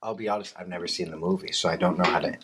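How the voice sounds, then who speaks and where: A man's voice: low-pitched, steady tone, racing, background noise. A man co-hosting a casual chat show, laughing often and joking around with goofy impressions. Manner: laughs a lot, breaks into silly cartoon impressions. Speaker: podcast co-host.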